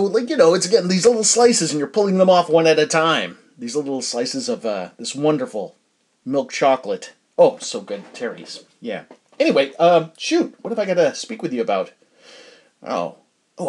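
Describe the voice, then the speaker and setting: Here the same kind of speaker, a middle-aged man from New Hampshire, has a fairly high-pitched, breathy voice. He rambles chattily through his casual solo podcast, breaking off with fillers and restarting his sentences.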